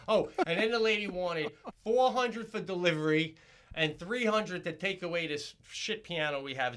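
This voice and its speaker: A man co-hosting a podcast, telling a profane comedic story and breaking into laughter as he gets worked up. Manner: animated, profane, voice climbing high and loud when worked up; laughs while telling stories. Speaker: podcast co-host.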